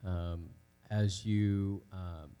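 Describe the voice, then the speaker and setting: A man leading a spoken prayer in church, halting and full of ums and uhs. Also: low voice, fairly even intonation, warm tone, clean tone. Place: church sanctuary.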